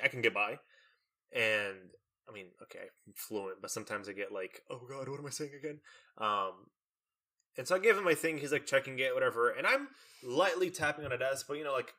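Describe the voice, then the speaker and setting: A young man telling a long story in casual chat, animated and full of fillers, acting out the lines of the people in it. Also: medium pitch. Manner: animated storytelling with many fillers and acted-out quotes.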